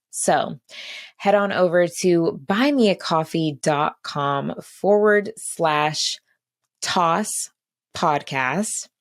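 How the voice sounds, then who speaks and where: Slow, low-voiced gushing podcast woman. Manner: gushing, earnest, repeats herself. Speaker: podcast host. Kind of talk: casual podcast sign-off.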